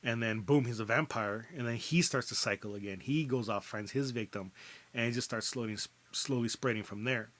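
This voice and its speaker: Fairly quick and a bit bright, this man's mid-range voice carries casual podcast banter as a co-host. He rambles, restarts often, leans on fillers, and curses freely.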